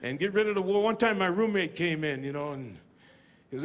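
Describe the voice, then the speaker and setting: A man performing a stand-up comedy routine, telling stories and acting out voices with deadpan punchlines. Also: high-pitched, a little fast. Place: comedy stage with live audience. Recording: live audience, noisy room.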